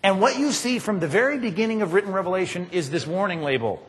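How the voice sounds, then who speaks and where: Animated preaching man in a reverberant hall. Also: sits high, quick pace. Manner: emphatic, animated preaching with rhetorical questions to the congregation. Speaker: pastor. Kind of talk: sermon.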